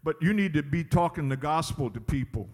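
A man's voice: on the high side, lively intonation, a little fast, slightly rough, in a large hall. A man preaching a sermon as pastor, emphatic and drawing out his words. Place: church sanctuary.

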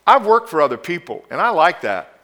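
A male pastor preaching a sermon. He moves from quiet, intimate passages to loud exhortation and leads the congregation in call-and-response. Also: on the high side, very animated, brisk.

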